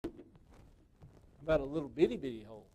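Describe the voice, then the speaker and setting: A man's voice: medium pitch, expressive, moderate pace, dark tone, slightly rough. A man demonstrating woodturning to a club audience live, talking casually and checking in with "okay?" after nearly every point.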